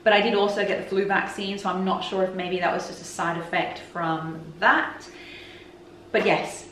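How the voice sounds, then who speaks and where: A woman's voice: mid-range voice, fairly even intonation, normal speed, fairly bright tone, slight background noise. A woman vlogger chatting frankly and openly to camera. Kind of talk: casual chat to camera. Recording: roomy echo, voice from a distance.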